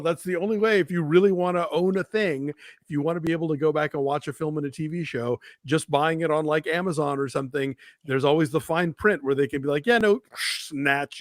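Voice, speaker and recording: A man's voice: a little high, no room sound, clean studio sound. A man co-hosting a movie news livestream, talking casually and with opinions, full of restarts and fillers. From Georgia, US. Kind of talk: casual chat.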